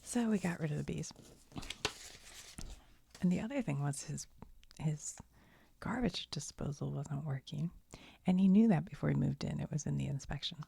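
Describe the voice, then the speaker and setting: A middle-aged woman telling a rambling everyday story in soft-spoken ASMR style, often sinking into a whisper and chuckling as she goes. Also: sits low, normal speed, creaky, long pauses, husky. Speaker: ASMR channel host.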